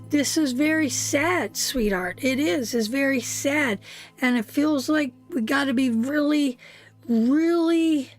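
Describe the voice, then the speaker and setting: Woman tarot reader, high and unhurried, calling the viewer sweetheart; faint music behind. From Canada. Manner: emotive, addresses viewer as sweetheart. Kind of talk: live tarot reading.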